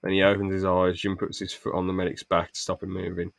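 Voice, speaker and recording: A young man hosting a podcast, pitching a film script in a rambling, stop-start way with lots of fillers. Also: monotone, fast talker, vocal fry, dry recording. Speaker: podcast host. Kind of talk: casual podcast chat, reading out a film pitch.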